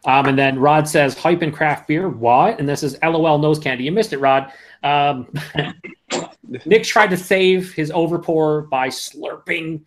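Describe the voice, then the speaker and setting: Host, man, slightly high voice, giggly and teasing, reads chat comments. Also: fairly even intonation, measured pace. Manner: laughing, teasing, stumbling restarts. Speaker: host reading viewer comments. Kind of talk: casual live chat.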